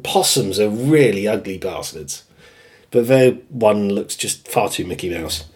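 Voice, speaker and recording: A man's voice: fairly low pitch, animated, a little slow, darkish tone. A man with a British accent hosting a podcast in casual chat, working through a list and laughing often as he goes. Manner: chatty, laughs often while listing quotes. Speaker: podcast host.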